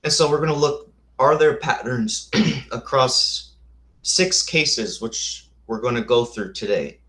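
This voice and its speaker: A man's voice: medium pitch, slow, bright, forceful tone. A man hosting a casual lecture with slides, thinking aloud with rhetorical questions and answering viewers' comments. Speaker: host. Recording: echoey room.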